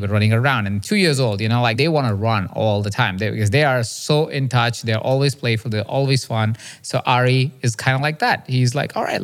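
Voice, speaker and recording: A man in his thirties, a podcast host and coach, telling a personal story in an earnest, confessional way and often checking in with "right?". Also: medium pitch. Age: 30s.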